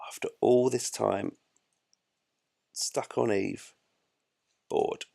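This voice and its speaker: A man's voice: on the low side, steady tone, very slow, vocal fry, long pauses, warm tone, breathy edge, no echo, clean studio sound. A man giving chatty, self-mocking live commentary while he plays a space game. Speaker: gameplay streamer.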